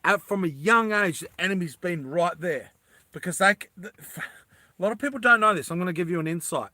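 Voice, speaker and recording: A man's voice: high voice, fairly quick, pushed and bright, no room sound. A man talking casually on a livestream, rambling and often laughing as he addresses his viewers.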